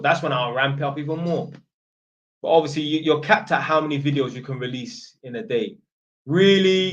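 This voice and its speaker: A man from Northampton, talking bluntly and casually in slang as he answers viewer questions on a livestream. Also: on the high side. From Northampton, England. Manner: blunt, slang-heavy, swears freely.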